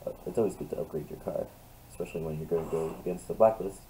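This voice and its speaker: A young man with a fairly low voice chats over his racing game, rambling and hesitant, full of ums and restarts. Loud noise hangs under the recording. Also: rapid-fire. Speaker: gameplay video host. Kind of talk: casual gameplay commentary.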